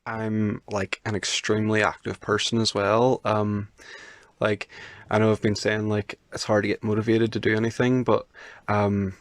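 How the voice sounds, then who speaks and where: A man's voice: lowish voice, monotone, moderate pace, no room sound. A young man, chatting casually in voice notes and using lots of fillers. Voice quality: soft, chatty with many fillers.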